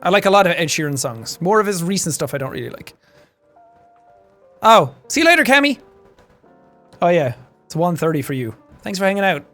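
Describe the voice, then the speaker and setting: Animated Irish man ranting on stream. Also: high-pitched, soft background music. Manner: profane, ranting, quick to laugh. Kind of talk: casual live-stream chat.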